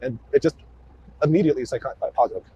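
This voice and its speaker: A shaken male police officer giving a recorded interview outdoors at a roadside, talking fast and rambling with many restarts. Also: mid-range voice, animated, dark tone, highs cut off, slight background noise. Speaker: police officer questioned by investigators. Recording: archive interview footage.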